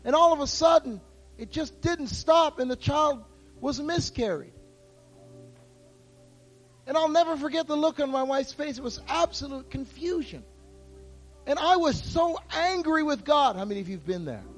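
A man preaching a sermon to his church, his voice moving between hushed, intimate passages and loud, impassioned outbursts. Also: very high-pitched, animated, moderate pace, pauses often, soft background music. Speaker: pastor.

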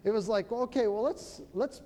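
A minister telling a story of prophesying over people, in a relaxed conversational way that often stops and restarts. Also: mid-range voice, moderate pace. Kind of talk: storytelling testimony.

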